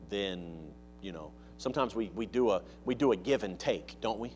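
A man preaching a sermon, talking conversationally and asking the congregation many rhetorical questions, turning loud for emphasis and then dropping to quiet asides. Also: on the low side, animated, moderate pace, few pauses, slight background noise. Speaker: pastor.

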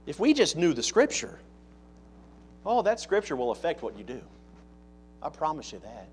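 A man preaching a sermon, talking conversationally and asking the congregation many rhetorical questions, turning loud for emphasis and then dropping to quiet asides. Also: a little high, very animated, brisk, breathy edge. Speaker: pastor.

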